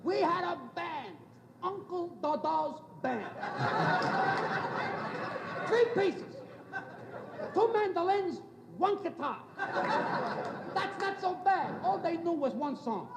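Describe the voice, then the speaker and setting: Man, stand-up comedian, punchy storytelling, high voice, long hall reverb, loud noisy crowd. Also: expressive, creaky. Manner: brisk punchy joke delivery with sound effects. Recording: echoey hall with loud crowd laughter and noise. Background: crowd laughing.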